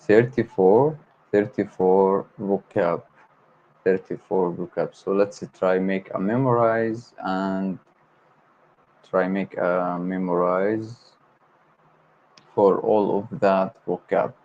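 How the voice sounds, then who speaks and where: Slow, gravelly man drilling vocabulary. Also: low-pitched, fairly even intonation, a little mellow, slight background noise. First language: Arabic. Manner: hesitant, repeats words aloud while memorizing. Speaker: English learner hosting a study stream. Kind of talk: livestream study session. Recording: dull lo-fi stream audio.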